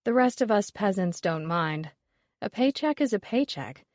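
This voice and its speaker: A woman reading the part of a dismissive, sharp-tongued woman appraiser, with a wry, offhand delivery. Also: mid-range voice, expressive, moderate pace, dry recording, studio quality, natural voice.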